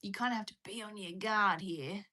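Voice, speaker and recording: A young Australian livestream host talks casually and rambles, self-mocking as she reads out comments from viewers. Her mid-range voice is fairly quick, pushed and bright.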